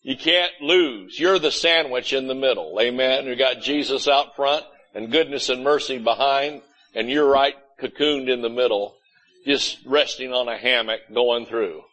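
A man's voice: medium pitch, unhurried, fairly bright tone, rough recording. A man preaching a sermon as pastor, folksy and blunt, often mimicking complaining churchgoers. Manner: folksy, blunt preaching with mocking quoted voices. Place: church sanctuary.

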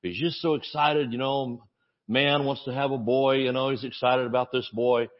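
A man's voice: mid-range voice, steady tone, normal speed. Folksy older male pastor preaching. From Georgia, USA. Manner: folksy storytelling with many fillers. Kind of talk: sermon. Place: church service. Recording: slightly dull recording.

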